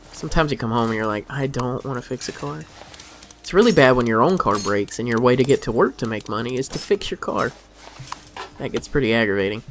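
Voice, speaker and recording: Male gameplay commentator, lively pitch, wry mutterer, faint background music. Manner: muttering to himself, wry and exasperated. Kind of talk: let's play commentary.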